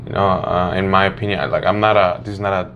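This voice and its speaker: Hesitant man with a lowish voice. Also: fairly even intonation, quick pace, lo-fi sound, slight background noise. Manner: hesitant, hedging with fillers. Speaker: podcast co-host. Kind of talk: casual chat.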